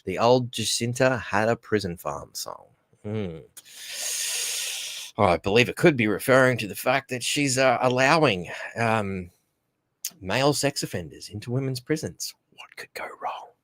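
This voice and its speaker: A man's voice: medium pitch, lively intonation, unhurried, fairly bright tone, no room sound. An Australian man hosting a casual solo podcast, rambling along, stammering over repeated words and chuckling at his own jokes. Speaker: podcast host.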